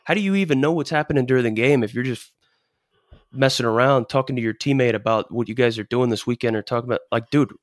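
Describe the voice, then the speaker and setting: A man's voice: medium pitch, fast, no room sound, clean studio sound. Emphatic male podcast host asking rhetorical questions. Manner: emphatic, repetitive, rhetorical questions, says "dude" a lot. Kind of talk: casual coaching advice chat.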